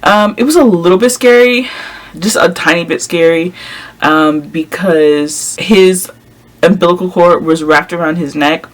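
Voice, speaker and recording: A woman's voice: fairly low pitch, measured pace. A young woman vlogger telling a casual storytime, chatty, with many ums and likes and frequent laughs.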